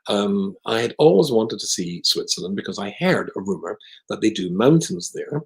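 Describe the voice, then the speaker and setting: Man, gravelly low voice, wry self-deprecating storyteller. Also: big pitch swings, moderate pace, low-quality recording. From Scotland. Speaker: rabbi, guest speaker. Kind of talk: humorous anecdotal storytelling.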